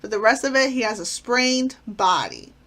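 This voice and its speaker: A woman's voice: on the high side, sing-song, moderate pace, a bit bright. A woman casually reviewing favorite sitcom episodes, retelling plots with enthusiasm and frequent fillers. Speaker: channel host.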